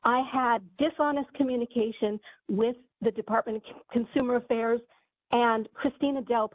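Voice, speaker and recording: A woman giving an angry, impassioned public comment with halting phrasing, heard over a call. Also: on the high side, dry recording. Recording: phone-like dry call audio.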